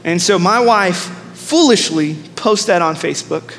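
A man's voice: high-pitched, measured pace, in a large hall. A man preaching a sermon as a pastor, telling stories with asides to the congregation. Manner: storytelling, animated with asides to the congregation.

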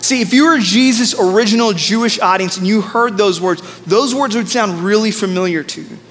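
A man's voice: sits high, a little fast, big-room sound, slight background noise. A man preaching a sermon as a pastor, telling stories with asides to the congregation. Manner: storytelling, animated with asides to the congregation.

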